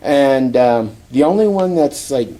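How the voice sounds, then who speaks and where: A man hosting a podcast, loosely recapping a comic book plot with many fillers, chuckling and slipping into quick character voices. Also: mid-range voice, lively intonation, mellow. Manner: rambling, acts out quotes, chuckles often. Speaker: podcast host. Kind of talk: casual comic book review chat.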